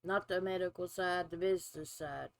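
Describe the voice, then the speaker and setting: A woman's voice: fairly low pitch, fairly even intonation, vocal fry, poor audio. A woman in her forties, a former nurse, hosting a casual reaction video and giving her opinions bluntly. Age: 40s. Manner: blunt, opinionated, drawn-out asides.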